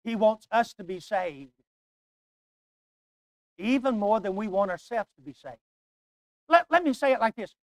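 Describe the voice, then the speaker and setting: Older man, preacher, sermon, emphatic, hushed-to-loud swings, smooth resonant voice, dry close sound. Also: high voice, expressive, a little slow, long pauses, dry recording.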